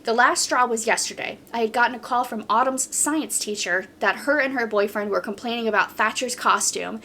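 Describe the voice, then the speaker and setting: A woman's voice: fairly high pitch, a little fast, sharp tone, slight background noise. A woman hosting a podcast in casual chat, reading posts aloud and reacting bluntly.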